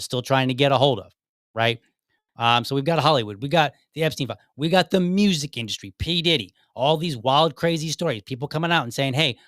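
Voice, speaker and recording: A man's voice: medium pitch, fairly bright tone, no room sound, clean studio sound. A man hosting a podcast, giving direct, argumentative commentary and often repeating himself as he builds a point. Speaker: podcast host. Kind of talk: commentary on a played clip.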